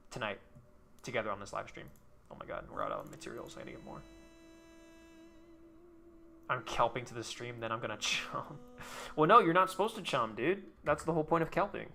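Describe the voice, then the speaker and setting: A man's voice: mid-range voice, bright, forceful tone, slight background noise. A young man casually commenting on a game he is live streaming, bantering and joking with his chat and swearing freely.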